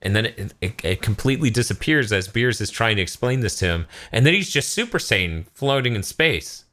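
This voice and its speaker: A man co-hosting a podcast, recapping an anime episode in casual chat, swearing freely and acting out the characters. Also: fairly quick. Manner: animated retelling, jumps into high squeaky voices for quoted characters, swears freely. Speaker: podcast co-host.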